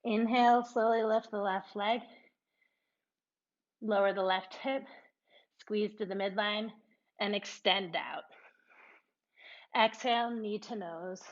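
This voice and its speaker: A woman leads a yoga class with short, unhurried cues, her breath a little labored from moving along with the poses. She keeps a light, self-amused manner, laughing at herself between instructions. Her voice sits at an ordinary middle pitch, and the recording sounds slightly dull.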